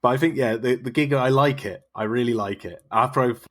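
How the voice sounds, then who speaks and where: Husky man rambling on film theories. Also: mid-range voice, fast. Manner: enthusiastic, rambling film analysis. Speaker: podcast guest. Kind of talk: casual chat.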